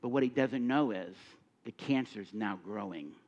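A middle-aged man preaches a sermon in a lowish voice at a moderate pace. He animatedly acts out short scenes with dialogue and peppers his audience with questions, heard on a dull lo-fi recording.

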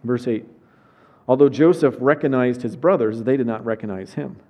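A man preaching a sermon, opening with a prayer and then telling a Bible story in a lively way with asides, reading scripture aloud. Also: mid-range voice, moderate pace. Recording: dull lo-fi sound.

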